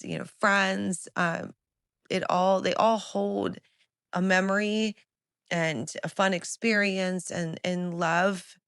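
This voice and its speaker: A woman's voice: lowish voice, gravelly, fairly bright tone, no room sound, studio quality. A woman in casual podcast chat, talking fondly about family memories. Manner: fond, reminiscing.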